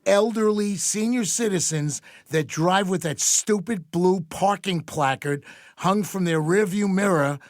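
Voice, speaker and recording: A man's voice: sits high, unhurried, no room sound, studio quality. A man in his sixties, guest on his daughter's podcast, chatting in a blunt, wry and ranting way with some swearing. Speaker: guest, the host's father. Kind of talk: casual podcast chat.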